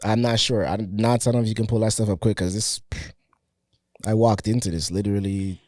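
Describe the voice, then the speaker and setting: A man hosting a podcast in casual chat, loose and joking and quick to laugh. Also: lowish voice, fairly even intonation, darkish tone, no room sound, clean studio sound. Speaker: podcast host.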